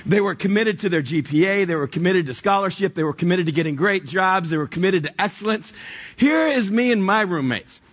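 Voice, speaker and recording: A middle-aged pastor tells stories from the church stage in a high, husky voice. He is animated and pokes fun at himself, acting out both sides of every conversation. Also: brisk. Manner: animated, self-mocking, acts out dialogue. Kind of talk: storytelling sermon. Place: church stage before a congregation.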